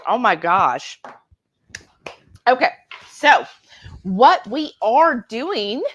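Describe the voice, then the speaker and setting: Bright-voiced excitable woman. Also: a little high, very slow, dull audio. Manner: excitable and chatty, teasing banter. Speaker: cooking livestream co-host. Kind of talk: casual livestream cooking chat. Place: home kitchen.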